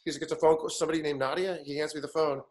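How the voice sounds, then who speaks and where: A man in his fifties, appearing as a guest in a casual chat, animatedly tells an anecdote and acts out the other people in it. His voice sits on the high side and is a little mellow, with fairly even intonation, and he talks very fast.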